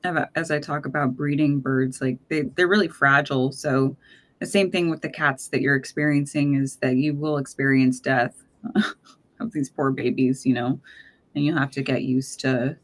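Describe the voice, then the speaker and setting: A woman hosting a casual chat, talkative and quick to laugh, often trailing off mid-sentence. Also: very deep voice, steady tone. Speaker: podcast host.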